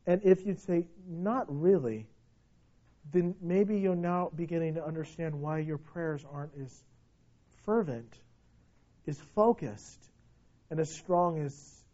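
A man preaching a sermon with passion, swinging between loud declarations and hushed, pleading lines. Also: a little high, dull audio. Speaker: pastor.

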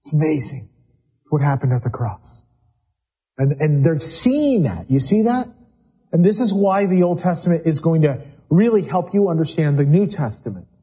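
A man's voice: on the high side, big pitch swings, moderate pace, mellow, husky, highs cut off. A man preaching a sermon in a church sanctuary, talking in a loose, conversational way and often repeating words as he goes. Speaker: pastor.

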